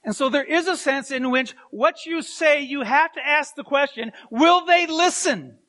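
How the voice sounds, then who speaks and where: A man's voice: very high voice, unhurried, bright, forceful tone. A middle-aged man, a pastor, preaching a sermon and telling stories with chuckles and asides.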